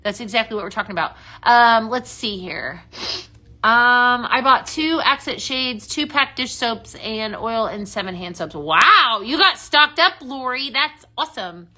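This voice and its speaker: Chatty lady doing a live sale, kinda high, bright voice, lots of um and like, talking back to viewers. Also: animated, a little slow. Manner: rambling and upbeat, full of fillers, answering viewers' comments by name. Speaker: host of a live product sale. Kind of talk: chatty live-stream selling.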